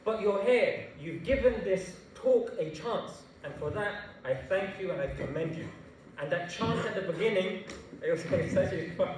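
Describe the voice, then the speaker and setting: High-pitched man in an echoey hall. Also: normal speed, noisy background. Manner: animated, jokey, slangy storytelling. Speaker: invited speaker. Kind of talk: public talk to students. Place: large university hall. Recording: echoey hall, mic far off.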